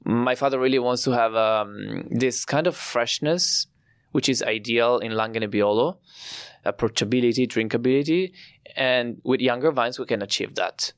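A young Italian man with an Italian accent, explaining his family's winemaking with pride and frequent pauses. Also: mid-range voice, clean tone, no echo, studio quality. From Italy. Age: young adult. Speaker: winemaker guest. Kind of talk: podcast interview.

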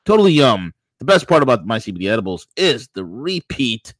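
A man's voice: medium pitch, very animated, brisk, fairly bright tone, dry recording. A man hosting a casual morning talk show, playful and hypey, rambling with restarts. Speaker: show host.

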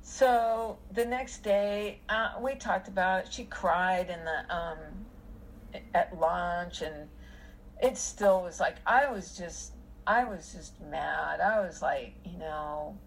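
A woman's voice: lowish voice, slow pace, a little hiss or hum, poor audio. A middle-aged woman telling a personal story in casual conversation, rambling with many fillers and restarts.

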